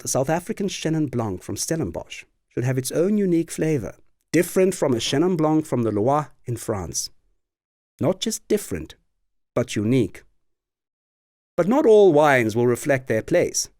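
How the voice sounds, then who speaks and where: A man giving scripted educational narration for a wine course, with a clear, explanatory delivery. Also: medium pitch, darkish tone, no echo, studio quality.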